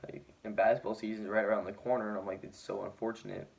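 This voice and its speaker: Low-voiced teen boy rambling to the camera, says like a lot, sounds hurt and shaken. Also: fairly even intonation, quick pace, vocal fry. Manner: rambling, heavy use of "like" fillers. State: injured, shaken. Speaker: vlogger. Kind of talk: casual storytelling to camera.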